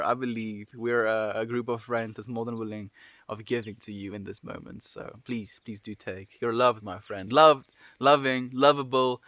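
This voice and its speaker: A man with a South African accent, chatting casually and gently with viewers on a livestream, often trailing off softly at the ends of phrases. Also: mid-range voice, no echo. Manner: gentle, affirming, soft trailing endings.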